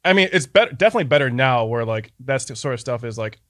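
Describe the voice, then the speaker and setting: Man co-host, mid-pitched, rapid casual chatter, lots of fillers. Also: animated, background noise. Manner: loose, swears casually, many "like" fillers. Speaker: podcast co-host. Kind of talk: casual chat.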